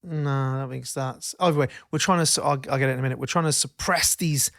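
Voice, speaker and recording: A man co-hosting a podcast in casual chat, rambling and self-interrupting, swearing freely and getting animated when he tells stories. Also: medium pitch, fast, vocal fry. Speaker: podcast co-host.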